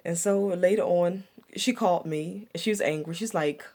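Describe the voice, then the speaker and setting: This woman's voice sits on the low side with a slight mellowness, moving at a normal speed with hardly any pauses. As a vlogger, she relates a personal memory from her youth, reflective and repetitive, often tripping and starting over.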